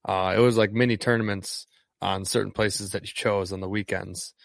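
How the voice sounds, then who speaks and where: A man's voice: lowish voice, fairly even intonation, normal speed, gravelly, no room sound. A fishing guide from Northeast Wisconsin, a man talking casually in an interview and rambling with many ums and restarts.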